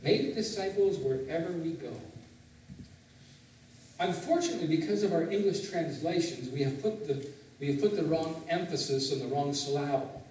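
High-voiced pastor preaching in an echoey hall. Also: male voice, normal speed, a little mellow, distant mic, slight background noise. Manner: teaching, asks the congregation frequent questions. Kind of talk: sermon. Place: church sanctuary, in Canada.

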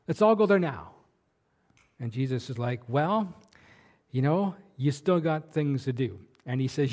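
A man's voice: fairly high pitch, darkish tone. A man preaching a sermon as a pastor, in a conversational way with many fillers and restarts.

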